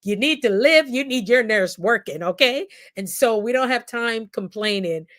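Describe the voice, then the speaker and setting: A woman, a nurse and coach, hosting a casual live stream and talking straight to her viewers with lively, frequent laughter. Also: fairly high pitch, normal speed. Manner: animated, laughs often, speaks straight to viewers. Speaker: host. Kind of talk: casual livestream talk to viewers. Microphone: computer mic on a live stream.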